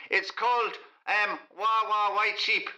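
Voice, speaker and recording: A man's voice: high-pitched, steady tone, slow, pushed and bright, pitched above the performer's own voice, full character voice, rough recording. A man putting on a cheeky, sweary fake Irish accent as a pop star in a comedy sketch. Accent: put-on Irish.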